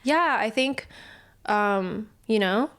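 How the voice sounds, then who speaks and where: A woman's voice: medium pitch, expressive, slow, a bit bright. Reflective, laughing woman guest chatting. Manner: reflective, laughs often, speeds up when retelling stories. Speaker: podcast guest. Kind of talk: casual chat.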